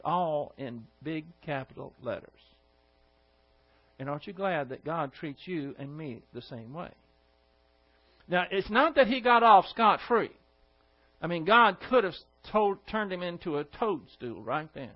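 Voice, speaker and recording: A man teaching a Bible study, animatedly retelling the scripture with asides and self-corrections, on a dull lo-fi recording. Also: sits high.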